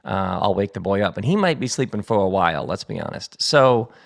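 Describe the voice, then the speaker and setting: Podcast host, middle-aged man, low gravelly voice, chatty and playful, talking at home. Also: lively intonation, brisk. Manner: chatty and playful, laughs easily. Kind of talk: casual solo podcast monologue. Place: home kitchen table. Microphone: studio mic set up at the table.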